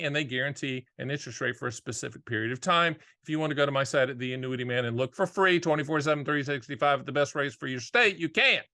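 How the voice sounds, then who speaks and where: Man, host, upbeat and jokey, bright forceful voice, dry close sound. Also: fairly high pitch, dry recording. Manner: upbeat, jokey, animated, conversational. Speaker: host and annuity agent. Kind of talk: casual solo video monologue.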